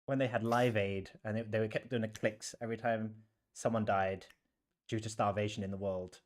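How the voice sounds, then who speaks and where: A man's voice: fairly low pitch, fairly even intonation, moderate pace. A man hosting a podcast, joking around and rambling in casual chat. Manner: playful, jokey, rambling. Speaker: podcast host.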